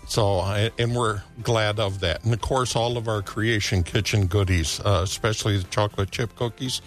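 Folksy man, low voice. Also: steady tone, moderate pace, soft background music. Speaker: orchard owner guest. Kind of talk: casual radio interview.

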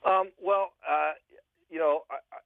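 A man calling in as a guest, telling a joke casually, with a halting delivery and many fillers. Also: fairly high pitch, gravelly, dry recording. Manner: halting, lots of fillers, lively. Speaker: phone-in guest, joke teller. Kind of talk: casual storytelling. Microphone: phone. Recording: tinny phone line.

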